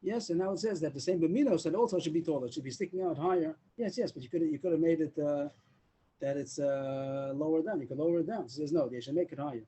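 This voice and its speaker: A man's voice: a little high, quick pace, warm tone, husky, rough recording. A man teaching a daily Talmud class over a video call, explaining step by step and mixing in Hebrew and Aramaic terms.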